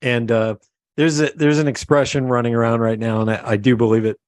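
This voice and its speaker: A middle-aged man hosts a casual interview, telling stories with energy and slipping into the voices of the people he describes. His voice sits at a medium pitch. The sound is dry and close to the mic. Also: fairly quick, no echo. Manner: animated storyteller, acts out quoted voices. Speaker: podcast host.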